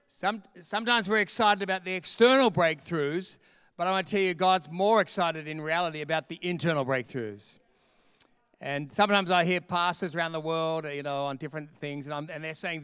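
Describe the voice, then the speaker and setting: A man preaching a sermon as pastor, emphatic and animated, repeating key lines for effect. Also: a little high, normal speed, clear, resonant tone, dry recording. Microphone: camera with a close mic.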